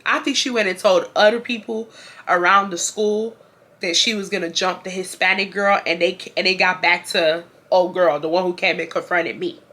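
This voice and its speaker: A woman, telling an animated casual storytime to her viewers. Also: medium pitch. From Houston, Texas. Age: 20s. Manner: animated, acts out quotes, addresses viewers. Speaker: vlogger.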